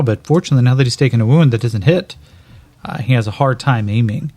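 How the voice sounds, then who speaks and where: A man's voice: mid-range voice, fairly quick, darkish tone. A man narrating a tabletop game as game master, casual and loose, with many fillers and some swearing.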